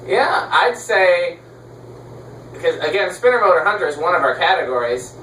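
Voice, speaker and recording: A man's voice: high voice, expressive, normal speed, pushed and bright. A man hosting a casual chat while testing ceiling fans, rambling and teasing with lots of fillers. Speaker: fan collector host. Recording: faint background noise.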